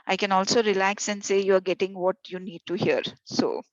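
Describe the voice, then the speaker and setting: A woman's voice: medium pitch, steady tone, normal speed, no echo. A woman facilitator giving a workshop talk to volunteers over a video call, chatty and full of retold stories. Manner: conversational, with fillers and retold stories. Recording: dull dry video call audio.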